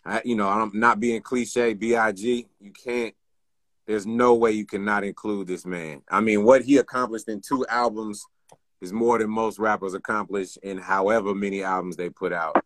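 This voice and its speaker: A man in a casual interview speaks in a bright, clear voice with a dry, close sound. He answers in a thoughtful, laid-back and friendly way over a video call. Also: lowish voice, steady tone, moderate pace, dry recording. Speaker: guest.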